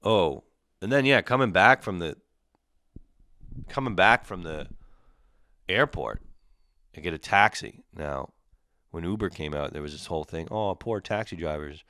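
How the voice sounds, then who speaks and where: A man's voice: low voice, lively intonation, unhurried, pauses often, pushed and bright, no echo. A young man from Canada ranting casually and profanely, exasperated and mocking the people he describes. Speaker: comedian ranting solo. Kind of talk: casual comedic rant.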